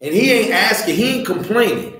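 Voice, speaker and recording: A man teaching a scripture class, loud and profane, fired-up like a street preacher. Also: sits high, animated, a little fast. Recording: very echoey room.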